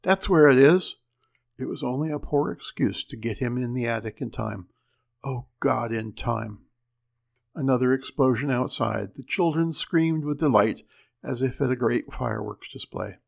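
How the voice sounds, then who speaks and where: Male narrator, gravelly, mid pitch, measured dramatic delivery for a story reading.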